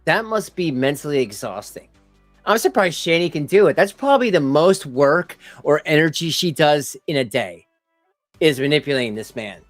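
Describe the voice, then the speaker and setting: A man's voice: a little high, lively intonation, normal speed, no room sound, faint music behind. A man doing casual live-stream commentary, rambling with lots of "you know" and "like" and asides to his viewers. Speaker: live streamer reacting to videos.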